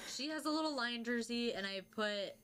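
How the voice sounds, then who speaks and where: A woman's voice: a little high, lively intonation, normal speed, crowd noise. A young woman casually telling a story on a podcast, acting out quotes with big jumps in her voice.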